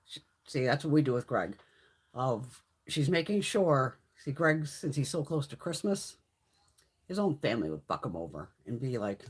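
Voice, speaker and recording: A woman's voice: extremely low pitch, big pitch swings, moderate pace, husky. A woman hosting a casual live-stream chat, brash and profane, telling stories with frequent laughs. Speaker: livestream host.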